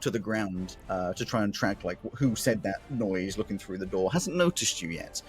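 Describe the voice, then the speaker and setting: A man narrating as game master of a tabletop game, describing action in quick, laughing bursts. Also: on the low side, lively intonation. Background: faint fight music.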